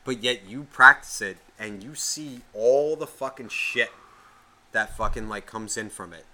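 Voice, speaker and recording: A man co-hosting a podcast, ranting with constant swearing and sudden loud outbursts. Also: lowish voice, unhurried. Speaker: podcast co-host. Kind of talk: casual podcast rant.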